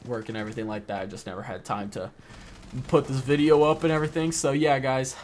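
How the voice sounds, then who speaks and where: A man's voice: mid-range voice, fairly even intonation, fast, darkish tone, a little hiss or hum. A young man, a gaming vlogger, talking casually and emotionally over gameplay. He rambles and leans heavily on "like" and "or whatever", and his voice wavers.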